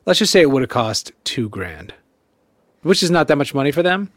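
A man in casual chat, putting wry questions and quick jokes to his co-host. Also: fairly high pitch, big pitch swings, no room sound. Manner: wry, chimes in with quips and questions.

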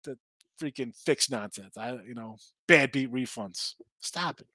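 A man hosting a sports betting show, chatting casually and answering viewer comments in a rambling, excitable way. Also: mid-range voice, a little slow, dry recording. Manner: rambling, excitable, talks back to chat. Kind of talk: casual live-stream chat reading viewer comments.

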